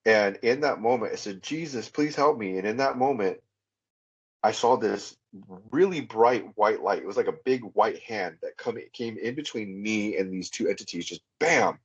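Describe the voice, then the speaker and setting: A man telling his personal testimony as a podcast guest, in an earnest, halting way full of fillers and restarts. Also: on the low side, husky, highs cut off. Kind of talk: personal testimony, recounting a vivid experience.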